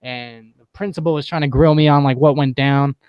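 A man's voice: mid-range voice, steady tone, fairly quick, clear, resonant tone, no echo, dull audio. A young man joking and telling stories in casual podcast chat, heavy on slang.

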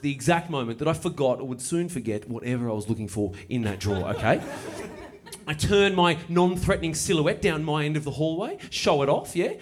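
Aussie stand-up guy telling a long story, bit high pitched, keeps asking the crowd yeah?. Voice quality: rambling, conversational, checks in with the crowd. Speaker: stand-up comedian. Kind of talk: live stand-up comedy set.

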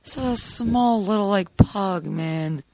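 Higher-voiced man telling a rambling story. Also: slow, gravelly, dark tone, no room sound. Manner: rambling anecdote, quoting others. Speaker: podcast co-host. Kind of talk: casual storytelling.

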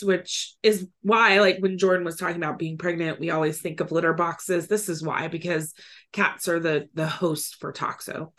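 A woman's voice: fairly low pitch, fairly bright tone. A woman co-hosting an educational podcast in casual chat, reading notes aloud with giggly asides. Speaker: podcast co-host.

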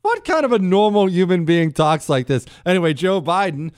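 A man's voice: sits high, normal speed, clear, resonant tone, no echo, studio quality. A man hosting a talk radio show, mocking and opinionated, reading ads and reacting to clips. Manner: sarcastic, mocking, animated.

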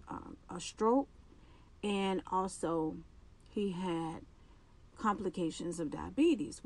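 A woman hosting a podcast, giving an earnest personal faith testimony and speaking haltingly, with restarts and repeated phrases. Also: medium pitch, a little mellow. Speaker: podcast host.

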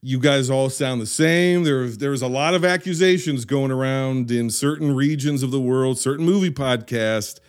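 Playful American podcast host. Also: male voice, mid-range voice, moderate pace, hardly any pauses, clear, resonant tone. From United States. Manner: playful, mock-clueless ranting. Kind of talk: casual chat.

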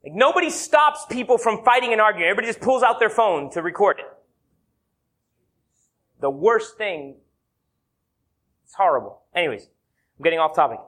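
A man preaching a sermon as a pastor, telling playful stories and slowing down hard to stress his points. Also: sits high. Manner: animated, playful storyteller who slows down for emphasis. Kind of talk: sermon with humorous anecdotes.

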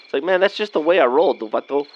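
A man's voice: a little high, lively intonation, fast talker, highs cut off, a little hiss or hum, lightly acted. A man playing a laid-back guy, rambling in slangy drawled talk full of "man" and "vato". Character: laid-back Mexican-American guy trick-or-treating with buddies.

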